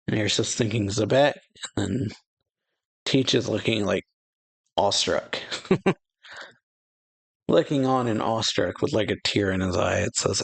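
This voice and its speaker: A man's voice: medium pitch, takes it slowly, creaky, long pauses. A man hosting a casual reaction to a comic chapter, reading the panels aloud and narrating them loosely, with frequent chuckles and fillers. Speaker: reaction channel host.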